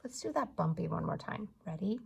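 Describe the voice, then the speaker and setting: A woman teacher leading a children's phonics lesson, slowly sounding out letters and blending them into words with gentle encouragement. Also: on the low side, lively intonation, creaky, husky. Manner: gentle, encouraging teacher talk to young kids.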